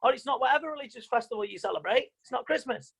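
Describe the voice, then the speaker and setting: A man giving an online mind-coaching talk, chatty and animated, acting out what people say. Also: very high-pitched, racing, gravelly, husky, rough recording. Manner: animated, chatty, quotes people in mock voices. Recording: video call audio.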